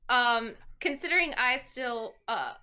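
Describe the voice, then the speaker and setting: A woman's voice: on the high side, animated, measured pace, sharp tone, smooth. A woman playing her character in a tabletop game, speaking hesitantly in the first person. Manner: hesitant, full of fillers and restarts. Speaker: player.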